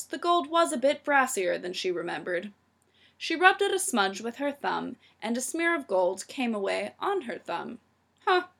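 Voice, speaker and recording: A woman narrating a story with a lively, expressive reading. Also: on the high side, vocal fry.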